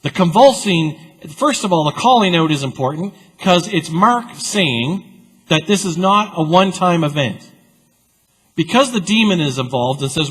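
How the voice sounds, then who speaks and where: A man preaching a sermon as pastor, with a conversational, animated storytelling style full of asides. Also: a little high, normal speed, slightly rough. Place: church sanctuary. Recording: long church reverb.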